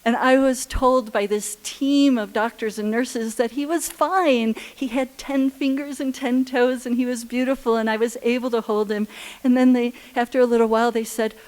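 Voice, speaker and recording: A woman with a somewhat high voice tells a true story of her own to a live room, speaking into a stage microphone. She is earnest and unhurried, and she often stops to restart a phrase. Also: steady tone, darkish tone. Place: arts center stage at a live story slam.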